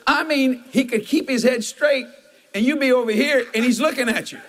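A man's voice: very high voice, moderate pace, fairly bright tone, some chatter behind. A man preaching a sermon as pastor, telling folksy stories with emphatic asides.

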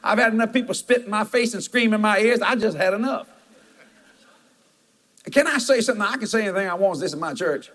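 High-voiced preacher. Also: male voice, fairly quick, a bit bright. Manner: folksy storytelling, chuckling, emphatic asides. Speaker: pastor. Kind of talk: sermon.

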